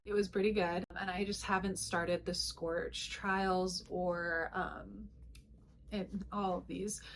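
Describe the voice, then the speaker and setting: A woman's voice: mid-range voice, a little hiss or hum. A young woman chatting casually as she shows books to the camera, with lots of fillers and asides. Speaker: booktuber. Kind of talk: casual vlog chat.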